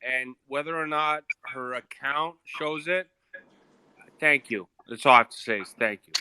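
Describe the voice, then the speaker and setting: A man chatting casually, giving quick praise. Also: medium pitch, pushed and bright, slight background noise. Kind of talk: casual chat on an audio chat room.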